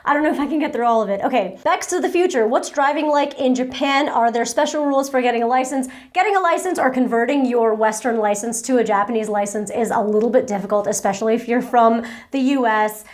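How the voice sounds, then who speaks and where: High-voiced chatty young woman vlogger. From New Jersey, US. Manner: chatty, rambling, self-deprecating. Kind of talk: casual Q&A chat. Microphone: battery-powered microphone.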